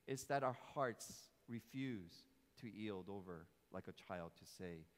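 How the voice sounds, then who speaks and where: Man preaching in a reverberant church. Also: slow. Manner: animated, swings between loud emphasis and soft low lines; asks the congregation questions, jokes. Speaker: pastor. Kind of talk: sermon. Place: church sanctuary. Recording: long hall reverb.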